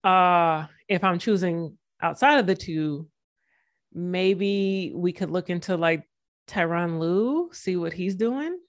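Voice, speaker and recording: A woman's voice: fairly low pitch, slow. A woman co-hosting a casual sports podcast, chatty and digressive, joking as she goes. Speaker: podcast co-host.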